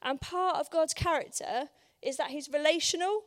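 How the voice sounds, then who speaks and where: A woman preaches to a church congregation in a loose, conversational sermon. Her voice sits high and sounds a little hoarse. She fills pauses with ums and keeps checking in with the room. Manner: conversational, many ums, asks the room for agreement. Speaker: guest preacher. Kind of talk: informal sermon. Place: church service.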